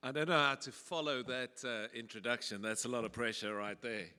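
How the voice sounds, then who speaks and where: A man's voice: mid-range voice, fairly even intonation, fairly quick, sharp tone, a little hiss or hum. A South African man who pastors a church, giving a joking conference talk with lots of fillers and restarts. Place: large conference hall. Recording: echoey hall PA.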